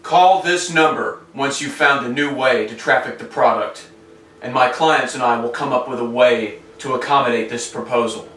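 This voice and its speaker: A man playing a calm, menacing cartel go-between who makes cold, polite threats. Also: medium pitch, normal speed, slight background noise, natural voice. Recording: roomy sound, mic at a distance.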